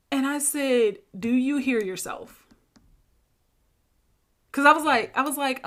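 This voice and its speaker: A woman's voice: high-pitched, normal speed, long pauses, a bit bright. A woman hosting a podcast as a coach, telling stories in a casual monologue, acting out quoted dialogue and laughing often.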